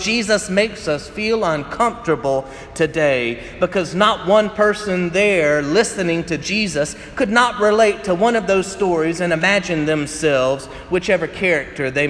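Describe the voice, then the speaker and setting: A man's voice: a little high, a bit bright, a little hiss or hum. A pastor giving a conversational sermon, a man who tells stories and laughs often as he preaches. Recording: echoey hall with faint ambience.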